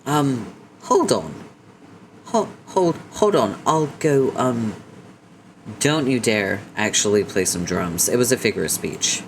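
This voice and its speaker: A man's voice: mid-range voice, lively intonation, slow pace, background noise. A man hosting a casual reading stream, chatty and joking with viewers.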